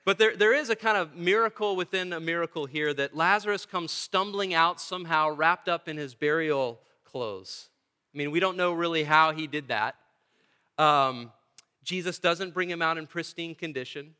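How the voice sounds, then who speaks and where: Preacher with a bright, resonant voice. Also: male voice, fairly high pitch, normal speed, clear, resonant tone. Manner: earnest, emphatic preaching with dry humor. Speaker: pastor. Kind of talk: sermon. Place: church. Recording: long church reverb.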